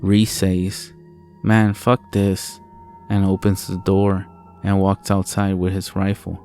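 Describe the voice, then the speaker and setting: A man with a very deep voice reads a first-person horror story, swearing often. His delivery is level and flat, barely rising or falling. A soft music bed plays behind him. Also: measured pace. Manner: low, steady storytelling with frequent swearing.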